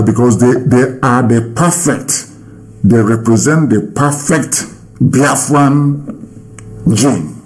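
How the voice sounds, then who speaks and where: A man's voice: medium pitch, a little mellow, rough recording. A man, hosting a live call-in Q&A and lecturing at length, repeating phrases and firing rhetorical questions. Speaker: host answering callers.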